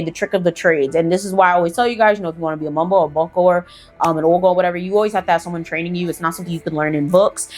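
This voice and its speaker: A woman hosting a casual spooky storytime, chatty and profane, full of fillers and asides. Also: on the low side. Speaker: storyteller, channel host.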